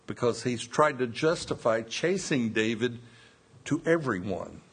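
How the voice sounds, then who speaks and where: A man's voice: mid-range voice, animated, a little slow, slightly rough. A man preaching a sermon, reading scripture aloud and explaining the verses in plain asides.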